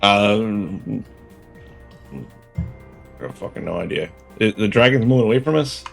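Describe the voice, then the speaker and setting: Gravelly, sick-sounding man player. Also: on the low side, lively intonation, unhurried, a bit bright, soft background music. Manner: laid-back, unsure.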